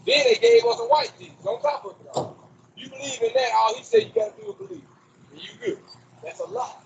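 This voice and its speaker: A man's voice: extremely high pitch, animated, fast, creaky, lo-fi sound, slight background noise. A man preaching on the street in front of a store, emphatic and quoting scripture with rhetorical questions, recorded on a phone outdoors. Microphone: phone recording a video.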